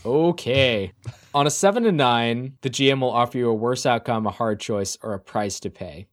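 A man's voice: medium pitch, moderate pace. A man narrating vividly and wryly as game master of a tabletop game.

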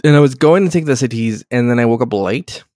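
A man's voice: mid-range voice, fast talker, a little mellow, no room sound, studio quality. A man casually retelling a story in a podcast chat, rambling and profane, laughing often.

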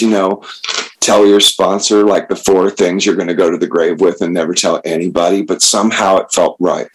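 A man telling a candid personal story about his recovery, halting and self-deprecating. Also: sits low, breathy edge, low-quality recording. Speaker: speaker sharing recovery story.

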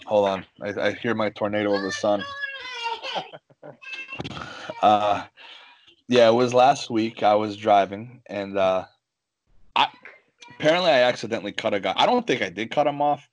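A man talking in a casual, animated way, telling stories full of restarts and "you know" asides. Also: on the low side, normal speed, pauses often. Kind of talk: casual storytelling chat.

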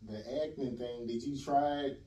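Relaxed male podcast host, very dark low voice, echoey distant room. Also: unhurried. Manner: relaxed, brief affirmations. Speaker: podcast host, truck driver. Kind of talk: casual interview chat. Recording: roomy echo, voice a bit far from mic, faint noise.

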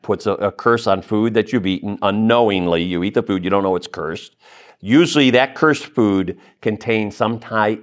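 A man giving a conversational religious teaching, addressing listeners directly with frequent asides and checks like "okay?". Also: on the low side. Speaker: Catholic teacher or preacher. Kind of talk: spoken teaching talk.

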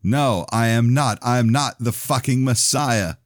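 A man's voice: mid-range voice, a little slow, no echo, voice pushed up, lightly acted. A man voicing a wounded young father who speaks in a strained, pleading way. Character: young father, hurt and desperate.

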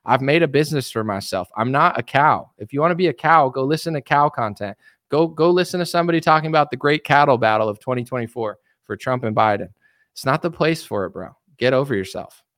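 A man's voice: medium pitch, expressive, fast talker, a bit bright, no echo, clean studio sound. Boastful, blunt young man ranting. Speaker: online commentary host. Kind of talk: casual livestream commentary.

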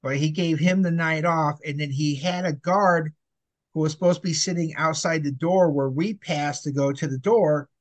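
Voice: mid-range voice, normal speed. A podcast co-host telling history in a casual, jokey way. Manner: jokey, animated storytelling.

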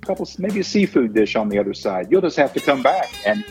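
A man's voice: medium pitch, big pitch swings, quick pace, darkish tone, faint music behind, low-quality recording. A middle-aged man with a Texan accent, hosting a cooking show with folksy, chuckling banter and jokes. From Texas. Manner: folksy, chuckling, drawling asides. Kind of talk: casual banter and joke telling.

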